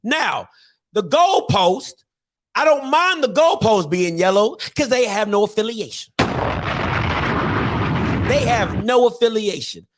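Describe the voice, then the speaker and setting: A man's voice: high-pitched, animated, slow, long pauses. A man hosting a call-in show, preaching his points hard and ending them with "okay?". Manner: emphatic, punctuates points with "okay?". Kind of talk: fiery radio talk.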